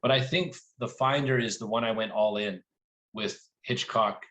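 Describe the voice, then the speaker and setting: A man speaking as an author guest at a live library event, telling lively anecdotes and voicing quoted lines along the way. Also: lowish voice, moderate pace.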